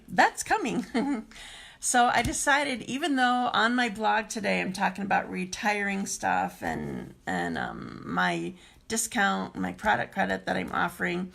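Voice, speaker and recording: Gravelly-voiced woman chatting on a live stream. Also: mid-range voice, a bit bright. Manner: rambling, chatty, many filler ums. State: scratchy voice. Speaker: craft demonstrator hosting a live stream. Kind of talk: casual live-stream chat.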